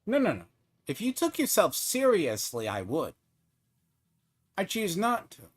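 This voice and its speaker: Taunting man with a slightly high voice. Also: huge pitch swings, measured pace, husky. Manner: taunting, mocking, swears freely. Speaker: game streamer. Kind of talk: casual live-stream trash talk.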